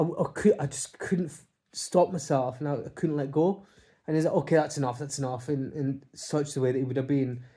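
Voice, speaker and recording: A man talks to his viewers from home, his voice mellow and dark in tone. He speaks haltingly and from the heart, with restarts, pauses and soft fillers. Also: on the high side. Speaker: vlogger. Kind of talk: casual emotional monologue. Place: home, by a window.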